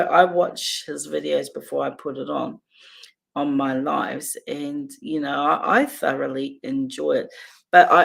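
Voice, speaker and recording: Brief: New woman hosting a livestream, low gravelly voice, chatty. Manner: chatty, laughs often between remarks. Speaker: livestream host. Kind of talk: casual livestream chat reading viewer comments.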